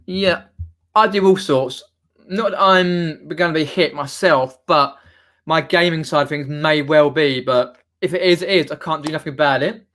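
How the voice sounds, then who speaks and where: Here a young adult man with a Mockney accent, from southern England near London, talks at a moderate pace in a fairly high, fairly bright voice. He's casually chatting on a live stream, reading viewer comments aloud and rambling, restarting again and again.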